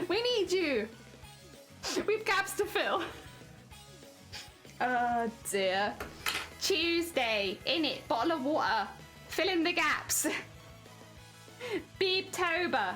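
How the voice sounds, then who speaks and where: A woman's voice: sits high, sing-song, unhurried, pauses often, fairly bright tone, faint music behind. A British woman chatting casually on a live stream, playful and giggly as she reads and answers chat. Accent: British English. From Britain.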